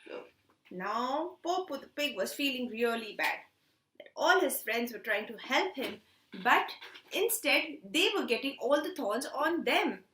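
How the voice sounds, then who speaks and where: Woman storyteller for kids; high, bright, slow and animated, recorded in an echoey room. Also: a little hiss or hum. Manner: animated, asks children questions. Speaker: storytelling teacher. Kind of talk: storytelling for children.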